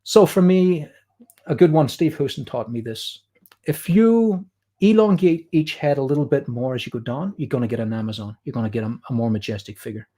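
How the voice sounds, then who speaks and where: A man's voice: medium pitch, animated, a little fast, warm tone. A man with an Irish accent, a guest artist chatting and explaining while he draws on a livestream. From Ireland. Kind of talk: drawing demo chat on a livestream.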